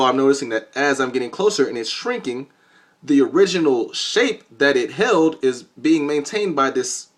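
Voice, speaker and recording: Lively young man telling a wild tale. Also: on the high side. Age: young adult. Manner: animated, jokey, conspiratorial. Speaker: vlogger. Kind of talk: comedic storytelling vlog.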